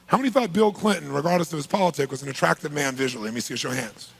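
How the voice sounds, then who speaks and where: A man giving a live seminar talk to a large audience, energetic and punchy, polling the crowd with quick questions. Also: on the high side. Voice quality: gravelly, husky. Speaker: seminar speaker.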